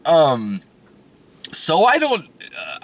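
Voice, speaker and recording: Animated man chatting through a movie review. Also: medium pitch, a little slow. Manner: animated, laughs often. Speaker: film reviewer. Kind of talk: casual review chat.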